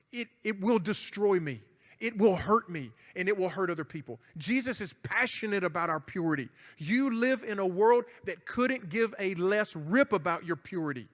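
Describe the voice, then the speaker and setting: A man's voice: sits high, a bit bright. A middle-aged man, preaching a youth sermon in an emphatic, conversational way with jokes. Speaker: youth pastor. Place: church hall. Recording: church hall reverb.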